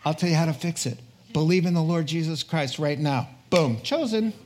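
A male preacher with a slightly high voice delivers a lively sermon. He urges his listeners on, repeats words for emphasis, and drops in joking asides at his own expense. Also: normal speed, a faint crowd, slight background noise. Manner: energetic, exhorting, repeats words for punch; jokey asides, laughs at himself.

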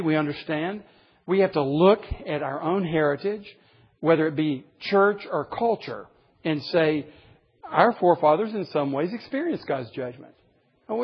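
Guy preaching, fairly high voice, kinda husky, dull lo-fi sound. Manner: earnest, conversational preaching with sudden pitch lifts and quiet drops. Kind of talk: sermon.

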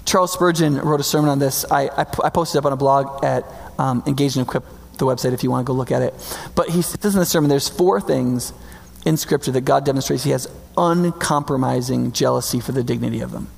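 A man preaching a sermon in a conversational, emphatic way, slowing down to stress key words. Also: mid-range voice, creaky. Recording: long reverb hall.

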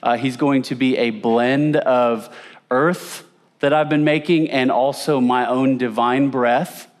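A man's voice: mid-range voice, fairly even intonation, takes it slowly. A man teaching a conversational Bible lesson, asking his audience questions and repeating words for emphasis. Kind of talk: teaching sermon with slides.

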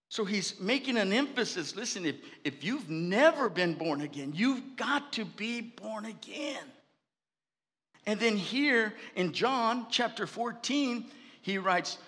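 High bright-voiced preaching pastor. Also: male voice, big pitch swings, moderate pace, big-room sound. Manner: preaching with rising fervor and repetition. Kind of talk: sermon.

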